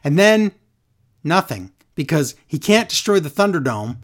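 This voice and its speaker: Podcast co-host, woman, casual chat, expressive wide-ranging voice, disbelieving asides. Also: low voice. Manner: animated, incredulous, does quick impressions. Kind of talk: casual wrestling recap chat.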